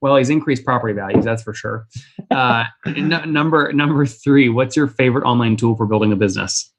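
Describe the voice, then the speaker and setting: A man's voice: mid-range voice, brisk, a little hiss or hum. A man in his thirties hosting a business interview and asking blunt, direct questions. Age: 30s. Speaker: interview host. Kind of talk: rapid-fire business interview.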